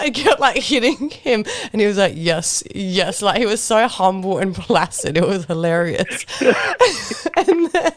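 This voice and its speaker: A woman's voice: a little high, a little slow, no echo. A woman hosting a podcast, telling a story casually with lots of laughter and acted-out quotes. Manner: animated, laughs often, acts out quoted lines. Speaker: podcast host.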